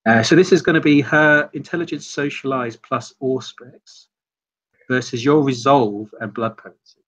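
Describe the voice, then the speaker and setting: A man's voice: mid-range voice, moderate pace, a bit bright, rough recording. A man narrating as game master, rambling loosely with many fillers.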